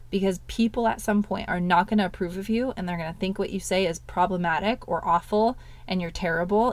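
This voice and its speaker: A woman's voice: on the low side, dry recording. Woman, podcast host, life coach, casual solo talk, frequent fillers. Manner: casual, says "like" often, self-soothing affirmations.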